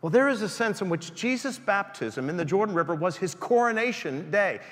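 A man's voice: high voice, lively intonation, fairly quick. Emphatic male preacher in echoey church. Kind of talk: sermon.

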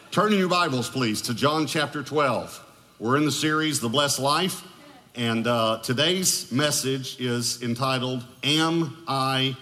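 A man's voice: medium pitch, a bit bright. A man preaching a sermon as pastor, telling a story with joking asides. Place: large church auditorium. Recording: long hall reverb.

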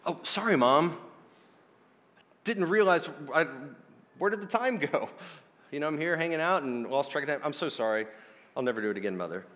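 A man's voice: on the high side, expressive, moderate pace, pauses often, a bit bright, in a large hall. A man voicing a twelve-year-old boy who gives an offhand, sheepish apology to his mother.

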